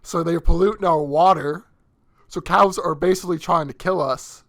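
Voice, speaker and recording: A man's voice: fairly high pitch, moderate pace, fairly bright tone. A young man co-hosting a casual podcast, rambling and insisting on odd theories. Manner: rambling, insistent conspiracy rant. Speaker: podcast co-host. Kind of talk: casual chat.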